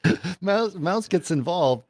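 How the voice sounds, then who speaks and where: A man's voice: high voice, lively intonation, measured pace, no echo. A man co-hosting a film podcast, recapping the plot in a hesitant, casual way with many fillers and restarts. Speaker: podcast co-host.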